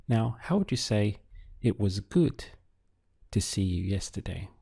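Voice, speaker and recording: A man teaching a Spanish lesson, patient and clear, repeating and spelling words slowly. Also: fairly low pitch, big pitch swings, warm tone. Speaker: Spanish tutor. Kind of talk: slow, clear language lesson.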